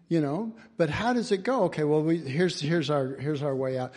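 A man's voice: fairly high pitch, moderate pace, few pauses, darkish tone. A man giving an informal Bible teaching in a folksy way, chuckling often and restarting his phrases.

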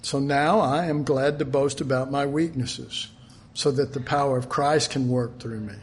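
A man's voice: medium pitch, steady tone, moderate pace, slight background noise. A middle-aged man preaching a sermon, earnest and emphatic, often repeating himself.

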